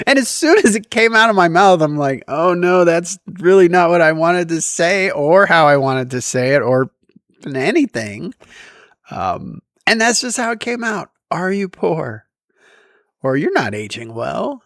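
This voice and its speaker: A fairly high-voiced man telling his own awkward stories straight to camera, swinging his pitch up and down as he goes. He laughs at himself and gets loud when he acts out what he said. The sound is close and dry, with no room around it. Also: unhurried, no echo. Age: adult. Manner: animated, self-deprecating, with bursts of loud quoting. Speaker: vlogger. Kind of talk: casual storytime monologue. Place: outdoors in daylight.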